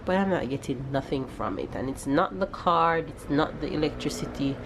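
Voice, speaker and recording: Low-voiced Jamaican woman vlogging. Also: moderate pace, noisy background. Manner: chatty, animated, loud cheering bursts. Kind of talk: casual vlog talk to camera.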